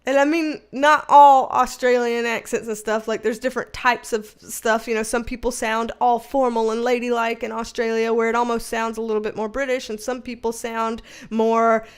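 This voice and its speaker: Hosting a casual livestream, a Southern American woman reads viewer comments and laughs a lot in a chatty, slangy way. Her voice is a little high, clear and resonant, with flat delivery at a moderate pace and hardly any pauses.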